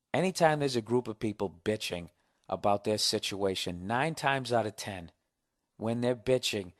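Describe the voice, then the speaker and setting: A man hosting a podcast, telling a story in a comedic monologue, profane and animated as he rants. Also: on the low side. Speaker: podcast host.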